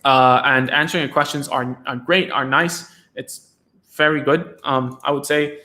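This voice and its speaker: A man's voice: medium pitch, fairly even intonation, measured pace, pushed and bright. A man hosting a live stream as a speech therapist, talking casually with lots of restarts and tag questions like "right?" and "okay?".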